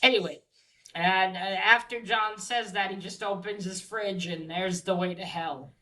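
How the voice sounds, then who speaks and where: A woman's voice: medium pitch, steady tone, unhurried, bright, forceful tone, low-quality recording. A woman casually recapping a comic book story, swearing freely and retelling each scene with lots of fillers.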